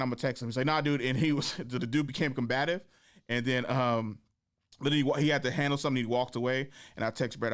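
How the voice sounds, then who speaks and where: Male podcast host and comic, smooth clean voice, mid pitch, animated storyteller who acts out quotes. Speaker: podcast host and stand-up comedian. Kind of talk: casual storytelling chat.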